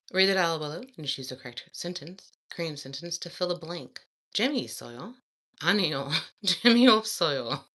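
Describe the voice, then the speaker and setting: Chatting to viewers in a laid-back study vlog, a woman learning a language reads her practice exercises out loud and giggles along the way. Her voice is deep with a slight brightness.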